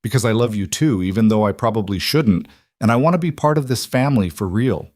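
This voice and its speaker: A man voicing an earnest, gentle young woman of eighteen in a storybook western. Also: fairly low pitch, animated, brisk, dry recording, clean studio sound. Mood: tender.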